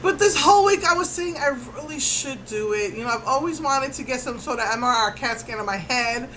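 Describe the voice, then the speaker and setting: Bright-voiced woman telling a rambling story. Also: sits high, fairly quick, slight background noise, poor audio. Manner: rambling, animated retelling with many fillers. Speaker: vlogger. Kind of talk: casual storytelling vlog.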